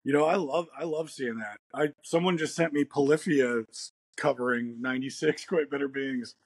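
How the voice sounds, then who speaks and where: Rambly american guy in an interview, husky voice, laughs a lot, dead dry sound. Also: medium pitch, moderate pace, dry recording. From United States. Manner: laid-back, rambling, laughs often. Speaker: guest musician. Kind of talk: casual interview chat.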